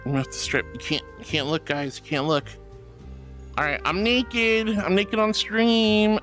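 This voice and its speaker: A woman streaming as a VTuber, chatting casually and playfully with her viewers and teasing them in squeaky, cutesy tones. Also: very animated, normal speed, fairly bright tone, faint music behind. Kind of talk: casual live-stream chat.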